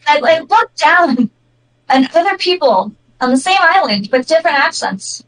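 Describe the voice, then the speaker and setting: A woman's voice: sits high, animated, a little slow, a bit bright, low-quality recording. A woman making wry, amused remarks in a casual group chat.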